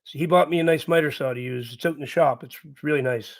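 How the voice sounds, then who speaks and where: A man's voice: a little high, fast, vocal fry. A middle-aged man from Canada, hosting his channel and telling a rambling story casually, repeating himself and laughing as he goes. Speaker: channel host. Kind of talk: casual storytelling to a live chat.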